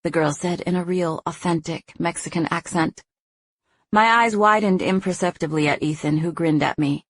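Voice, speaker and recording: A woman reading a first-person romance audiobook, narrating smoothly and giving the heroine's lines a lively, playful voice. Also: on the low side, normal speed.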